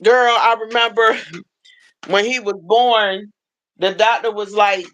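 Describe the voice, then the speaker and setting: A woman hosting a casual livestream chat, telling animated stories and acting out the people she quotes. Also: takes it slowly, slight background noise, poor audio. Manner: animated storyteller, acts out quoted voices with high pitch. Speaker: livestream host. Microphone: phone livestream.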